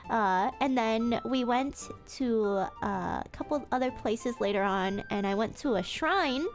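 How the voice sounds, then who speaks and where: Woman vtuber rambling through a story, really high voice, keeps laughing and tripping over her words, soft music underneath. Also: a little slow. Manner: animated storytelling with frequent laughter; self-repeating, stumbling restarts. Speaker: VTuber streamer. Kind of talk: casual chat stream.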